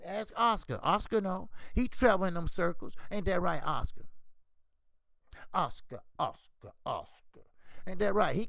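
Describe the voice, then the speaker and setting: Trash-talking man with a gravelly voice. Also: high-pitched, dry recording. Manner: profane trash-talk, animated. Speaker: boxing channel host. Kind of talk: casual commentary.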